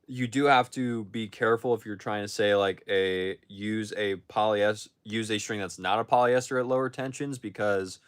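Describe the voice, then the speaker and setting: A man's voice: fairly low pitch, a bit bright, smooth. A young man chatting casually on a livestream from his phone, answering viewer questions with frequent restarts and self-corrections. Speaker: livestream host answering chat.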